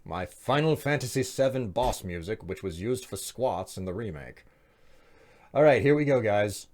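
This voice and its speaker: Chatty low-voiced male streamer. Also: animated, normal speed, a little mellow. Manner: chatty, talks straight to viewers, trails off and restarts. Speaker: livestreamer. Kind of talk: casual livestream gameplay chat.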